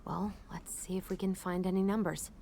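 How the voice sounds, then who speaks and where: An actress playing a twin sister in a video game, talking in a calm, conversational way. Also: female voice, fairly low pitch, fairly quick, slight background noise, close to an everyday voice.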